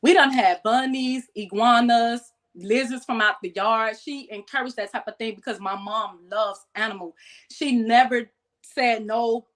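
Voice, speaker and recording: A woman, a podcast guest casually telling animated stories about keeping exotic pets and acting out quoted voices. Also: fairly high pitch, unhurried. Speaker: guest, exotic pet keeper. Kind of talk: casual storytelling chat.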